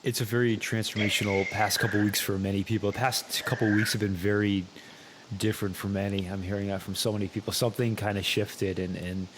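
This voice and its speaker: A man's voice: fairly low pitch, flat delivery, a little fast, background noise. A man hosting a podcast, enthusiastic and encouraging, often repeating himself. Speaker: podcast host. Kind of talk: casual conversational podcast.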